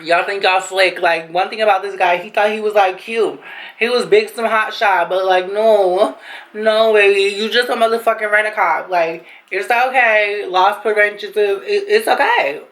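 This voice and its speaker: A young woman recounting a story to her viewers, talking in a lively, slang-heavy, profane storytime style. Her voice sits at an ordinary middle pitch and her delivery is chatty and unfiltered. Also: moderate pace, poor audio. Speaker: vlogger. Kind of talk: storytime vlog.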